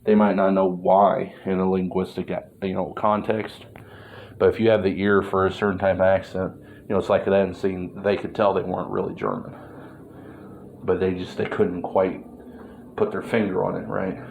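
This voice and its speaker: A man's voice: low voice, normal speed, gravelly, a little mellow, slight background noise. A man vlogging in a meandering monologue, full of fillers and swearing. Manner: meandering, filler-heavy, profane. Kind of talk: rambling monologue.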